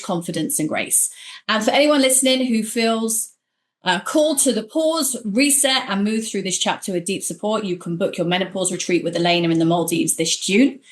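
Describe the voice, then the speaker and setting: A middle-aged woman hosting a podcast, chatting warmly and acting out quoted voices as she tells stories. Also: medium pitch. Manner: animated storyteller, acts out quoted voices. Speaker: podcast host. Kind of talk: casual conversation.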